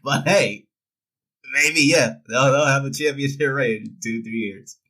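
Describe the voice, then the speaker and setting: Brief: man doing an irreverent recap vlog, jokey and loose, swears a lot, mid-pitched voice. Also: unhurried, fairly bright tone, rough recording. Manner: irreverent, joking, swears freely. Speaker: wrestling recap vlogger. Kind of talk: casual show recap with acted quotes.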